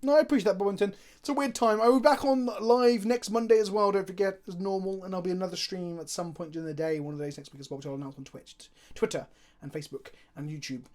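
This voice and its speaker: A man's voice: high voice, steady tone, fast talker, darkish tone. A man streaming a card game live, chatting casually, swearing freely and answering viewers' chat as he plays.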